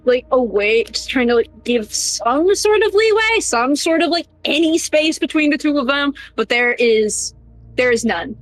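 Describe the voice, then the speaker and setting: A woman's voice: fairly high pitch, expressive, moderate pace, faint music behind, rough recording. Chatty woman playing a tabletop game. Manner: chatty, lots of fillers, laughs easily. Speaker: player. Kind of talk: casual tabletop play.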